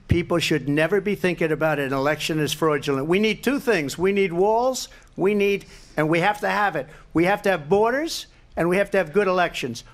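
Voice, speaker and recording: A man debating on stage with a rather high voice, emphatic and repetitive. His answers ramble from point to point with heavy stress on key words. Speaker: presidential debate candidate.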